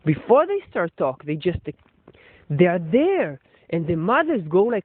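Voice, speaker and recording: High, lively man rambling reflectively. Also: unhurried, no echo. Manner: meandering, many fillers and restarts. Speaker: shop owner and storyteller. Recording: dry, tinny phone-like sound.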